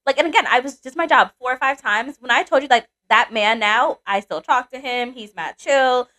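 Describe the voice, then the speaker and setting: A young adult woman co-hosting a podcast, telling a personal story in casual chat, animated and swearing freely. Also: high voice, normal speed. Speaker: podcast co-host.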